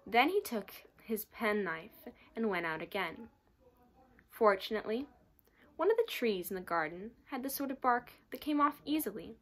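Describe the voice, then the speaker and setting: Woman reading a children's novel aloud. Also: fairly high pitch. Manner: steady, expressive storytelling. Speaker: student reader.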